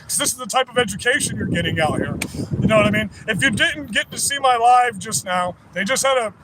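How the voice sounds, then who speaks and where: A man's voice: very high-pitched, lively intonation, brisk. A man livestreaming outdoors, ranting in a profane, combative and rambling way. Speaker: livestreamer at a rally counter-protest. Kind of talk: casual livestream rant. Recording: outdoor street noise with traffic.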